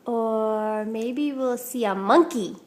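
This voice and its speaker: A woman talks softly and very slowly at home, coaxing a small child with playful questions. Her voice sits a little high and stays gentle and patient. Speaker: parent coaching a toddler's words. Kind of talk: home video talk to a toddler.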